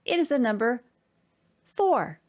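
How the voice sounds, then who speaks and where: Chatty woman knitting host at home, mid-pitch voice, gets excited, lots of "like" and "you guys". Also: normal speed. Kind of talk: casual chat to camera.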